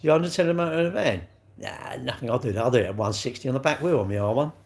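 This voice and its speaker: A man's voice: medium pitch, animated, very fast, vocal fry. A man, chatting bluntly with viewers on a livestream, swearing freely and calling everyone mate. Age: 60s. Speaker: livestream host. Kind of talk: casual chat reading live comments.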